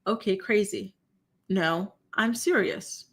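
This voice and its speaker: A woman hosting a live commentary stream, talking in an animated, incredulous, exclamatory way and reacting to her chat. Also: mid-range voice, slow pace, husky. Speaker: commentary show host.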